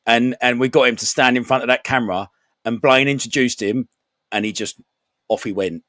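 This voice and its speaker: A man's voice: medium pitch, steady tone, brisk, fairly bright tone, no echo, studio quality. A man co-hosting a casual chat, bantering with crude jokes. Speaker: co-host.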